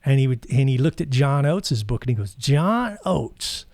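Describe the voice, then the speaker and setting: A man's voice: medium pitch, quick pace, mellow, no room sound. Dry-voiced man telling rambling stories. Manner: rambling, anecdotal, with many fillers. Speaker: guitar channel host. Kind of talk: casual storytelling.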